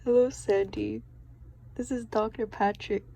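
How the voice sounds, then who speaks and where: A woman's voice: fairly high pitch, fairly even intonation, measured pace, creaky, warm tone. Patrick, a goofy starfish playing doctor, read by a woman. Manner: breaks into laughter while reading. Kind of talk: storybook read-aloud.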